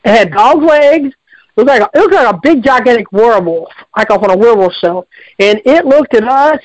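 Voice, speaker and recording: A woman's voice: on the high side, lively intonation, fairly quick, dry recording, lo-fi sound. A woman, calling in to tell a long story in a rambling, colloquial way with lots of restarts. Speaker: caller. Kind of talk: call-in storytelling.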